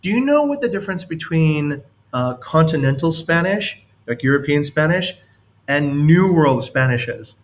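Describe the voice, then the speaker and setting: A man's voice: fairly high pitch, expressive, normal speed. A man leading a team session, coaching on leadership in a rambling, anecdotal way and chuckling as he explains.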